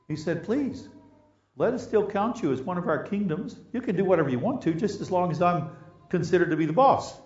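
Animated Australian preacher in echoey hall. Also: male voice, sits high, muffled recording. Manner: animated storytelling, rising to loud emphatic peaks, dropping to hushed prayerful tones. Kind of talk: sermon with storytelling.

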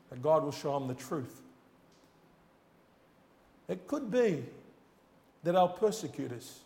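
A man's voice: fairly high pitch, creaky. A man preaching a sermon, telling a personal testimony in an earnest, storytelling way with rising emphasis. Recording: long hall reverb.

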